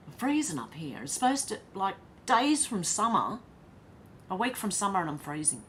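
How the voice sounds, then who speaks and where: A woman's voice: lowish voice, big pitch swings, fairly quick, a bit bright, a little hiss or hum. An Australian woman hosting a casual livestream, reading viewer comments aloud and reacting with laughs. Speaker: livestream host reading chat. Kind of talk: casual live chat.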